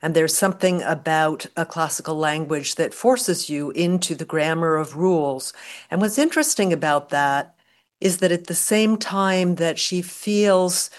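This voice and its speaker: A woman's voice: low voice, unhurried. An older woman professor, a guest on a radio interview, answering in a thoughtful, articulate academic manner.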